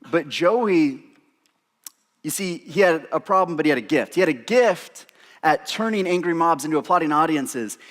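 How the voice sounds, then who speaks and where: A man's voice: fairly high pitch, fairly bright tone. A young adult man preaching a sermon, telling stories and slipping in playful self-mocking asides. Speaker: pastor.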